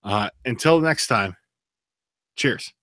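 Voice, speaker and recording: Bright, dry-voiced profane male podcaster. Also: medium pitch, expressive, slow, no room sound. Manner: loose, profane, rambling. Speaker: podcast co-host. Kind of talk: casual beer review chat.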